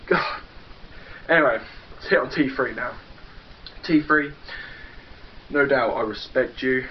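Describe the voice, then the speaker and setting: Cocky young English guy trash-talking. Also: mid-range voice. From England. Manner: boastful, taunting, profane. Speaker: backyard wrestler cutting a promo. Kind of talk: trash-talking wrestling promo. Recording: dull lo-fi home video with faint noise.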